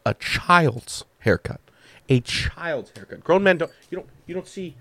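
A male comedian telling a story with a voice that swings up and down all the time. He is profane and animated and slips into the voices of the people he describes. The sound is dry and close. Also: mid-range voice, dry recording. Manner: profane, animated, acts out other people's lines. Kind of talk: stand-up storytelling.

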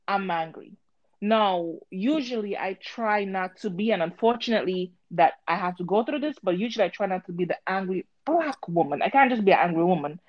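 A woman telling a story in casual chat, animated and swearing, acting out both sides with a voice she calls harsh. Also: medium pitch, no echo, muffled recording. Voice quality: harsh-sounding voice.

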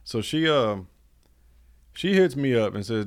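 A man's voice: medium pitch, expressive, a little slow, long pauses. A man co-hosting a podcast, telling stories in a laid-back way with lots of slang. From United States. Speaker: podcast co-host. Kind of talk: casual chat.

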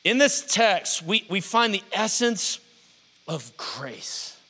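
A man preaching a lively call-and-response sermon, stretching out scripture words for emphasis. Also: high-pitched. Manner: energetic, drawn-out emphasis on scripture. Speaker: pastor. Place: church sanctuary. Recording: live sermon in a reverberant hall.

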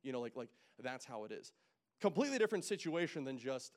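A man in his thirties preaching a casual, joking sermon that rises into loud, emphatic calls to the congregation. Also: medium pitch, big pitch swings, quick pace. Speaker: pastor.

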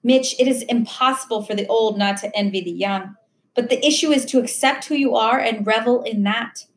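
Brief: woman reading as a gentle, wise old man in his late seventies, patient teacher, raised pitch, roomy echo. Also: normal speed, slight background noise, natural voice. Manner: earnest, patient, softly teaching.

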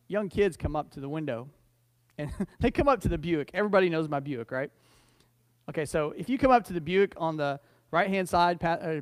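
A male pastor, preaching in church in a folksy, joking way. His voice sits high, and he often restarts and repeats his words before building to an emphatic point. The sound is close and dry, with no room echo. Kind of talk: conversational sermon with storytelling. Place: church sanctuary.

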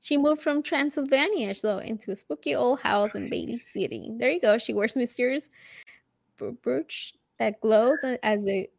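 A woman's voice: a little high, normal speed, creaky, no room sound, studio quality. A woman co-hosting a casual comic book podcast, chatty and giggly. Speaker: podcast co-host. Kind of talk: casual chat about comic books.

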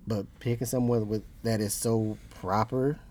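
A man's voice: on the low side, steady tone, unhurried, a little mellow. A man co-hosting a casual chat, blunt, dry and skeptical. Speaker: podcast co-host.

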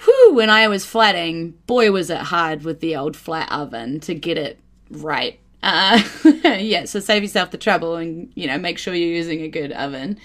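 A woman hosting her own podcast in a casual, chatty way, laughing often and quickly getting excited. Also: on the low side. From New Zealand. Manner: bubbly, laughs often, gets giddy with excitement. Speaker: podcast host. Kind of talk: casual solo podcast chat.

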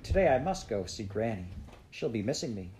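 A man reading a storybook aloud and voicing an eager, lively little girl with bright, excited exclamations. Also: on the low side, a little fast, slight background noise.

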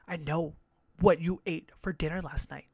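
A man's voice: on the high side, steady tone, slightly rough. A brash man hosts a casual podcast recap in a dry, close-sounding room with no reverb. He swears freely, laughs at his own jokes, and drags out names for theatrical effect. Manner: theatrical, drawn-out emphasis on show names. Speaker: podcast host.

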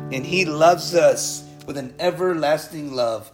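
A man preaching and praying with excitable fervor, often tagging his sentences with "man". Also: a little high, unhurried, hardly any pauses. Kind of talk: online Bible teaching and prayer. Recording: loud guitar music behind.

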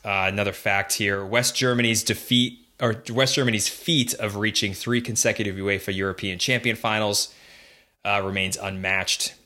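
A man co-hosting a casual podcast, his lowish voice bright and forceful. He chats easily and reads out facts with plenty of ums and restarts. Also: fairly even intonation, moderate pace. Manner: chatty, reads facts aloud with fillers. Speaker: podcast co-host.

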